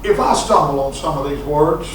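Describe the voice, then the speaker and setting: A man preaching a sermon as pastor, shouting and punctuating his lines with "huh?" and "uh.". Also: fairly high pitch, normal speed, recorded from a distance, slight background noise. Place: church sanctuary. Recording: echoey church sanctuary recorded from afar.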